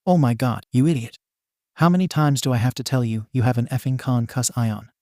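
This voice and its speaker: A man's voice: mid-range voice, fast talker, a little mellow, no room sound, clean studio sound, lightly acted. A man voicing a hot-tempered, foul-mouthed teenage boy who snaps exasperated insults. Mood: irritated.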